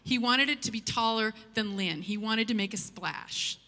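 A woman telling a story in a church sermon, lively and humorous as she tells it. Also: fairly high pitch, normal speed, big-room sound. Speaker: church speaker. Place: church auditorium.

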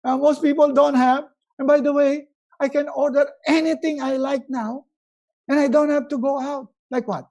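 Middle-aged man, motivational speaker, animated, jumps high for quotes, mellow tone. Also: moderate pace, muffled recording. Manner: animated, acts out quotes in a raised voice. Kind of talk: motivational webinar talk.

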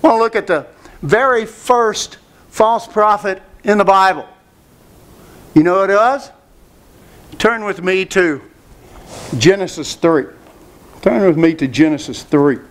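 Male preacher, high voice, emphatic sermon delivery with rhetorical questions. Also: expressive, slow, pauses often. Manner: emphatic, asks rhetorical questions, repeats phrases.

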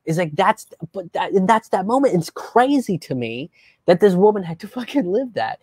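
A young man hosting a live stream as a comedian, talking in a casual, animated, profane way and slipping into mocking voices. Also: high-pitched, moderate pace, slightly rough, no echo. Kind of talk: casual livestream commentary.

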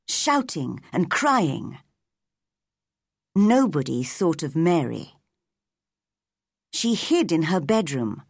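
A woman reads a story aloud at a very slow, deliberate pace for English learners. Her voice rises and falls in a lively way. The recording is close and dry. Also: lowish voice, no room sound. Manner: clear, deliberate. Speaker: narrator.

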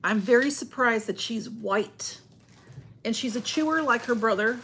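Reading comments aloud and welcoming viewers by name, a woman rambles through a casual livestream from home. She speaks in a fairly high voice at a measured pace.

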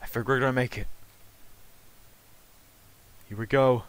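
A man's voice: mid-range voice, steady tone, slow pace, clear, resonant tone, dry recording. A young man commenting on a horror game as he plays, jumpy and exclaiming, talking back at the game. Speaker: let's play gamer. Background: game music.

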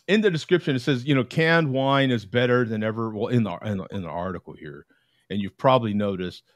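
A man from the United States hosting a casual video-call chat, talkative, laughing often and reading aloud in a halting way. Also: medium pitch, no room sound. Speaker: host.

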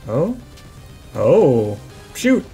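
A young woman playing a video game and reacting excitably, often swearing and laughing. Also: extremely low pitch, drawn-out words, soft background music. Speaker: let's play player. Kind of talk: casual game commentary.

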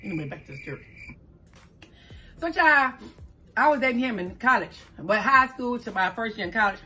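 A middle-aged woman hosting a mukbang vlog rattles off a story in a Southern, New Orleans-tinged accent as she eats on camera indoors at home, green screen behind her. Her pitch is fairly high, her delivery expressive, and her tone sharp. She talks fast, fumbles words, and calls viewers "child".

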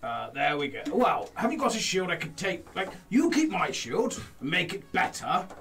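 Male player, gravelly and animated, banters in character, mic set far off. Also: sits high, normal speed. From England. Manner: stammering, playful in-character banter. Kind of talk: in-character tabletop role-play. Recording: distant mic with background music.

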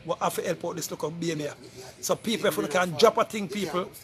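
A man's voice: sits high, quick pace, a crowd in the background. A middle-aged Jamaican man speaking casually to camera, making an emphatic, repetitive appeal and calling out to people again and again. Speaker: vlogger appealing for donations.

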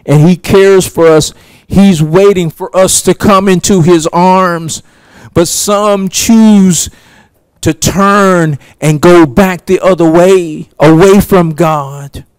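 A male preacher delivers his sermon in a slow, deliberate way, leaning on each phrase and pausing long between them. His voice sits fairly high for a man. The sound is dry and close, with no room echo. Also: smooth. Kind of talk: sermon teaching.

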